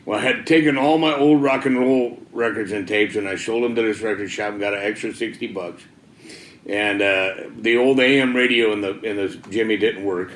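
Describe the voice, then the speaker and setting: A man's voice: on the low side, fairly even intonation, normal speed, a bit bright, reverberant. A middle-aged man giving a personal testimony in a folksy, casual way, often saying "man" and "you know". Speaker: testimony speaker.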